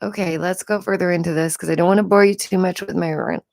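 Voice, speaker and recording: Chatty woman with a lowish voice. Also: fairly even intonation, quick pace, vocal fry, darkish tone, no room sound, clean studio sound. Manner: rambling, chatty, laughs often. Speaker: livestream host. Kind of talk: casual livestream commentary. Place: at home.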